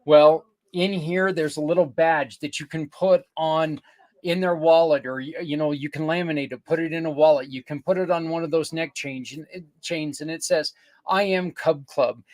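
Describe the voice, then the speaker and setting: An older man hosting a podcast, earnestly pitching community partners in a rambling, casual way with many restarts. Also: fairly even intonation, normal speed, darkish tone. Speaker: podcast host. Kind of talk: casual promotional talk.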